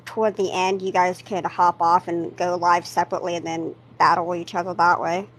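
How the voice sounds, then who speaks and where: A woman's voice: on the low side, little pitch movement, fairly quick, rough recording. A woman chatting as a guest on a live stream, friendly and greeting viewers as she talks. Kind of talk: casual group chat on a live stream.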